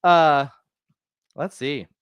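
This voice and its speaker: Rambling podcast host, dry sound. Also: male voice, a little high, drawn-out words, fairly bright tone, clean tone, no echo. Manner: rambling, with many fillers and restarts. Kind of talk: casual pop-culture chat.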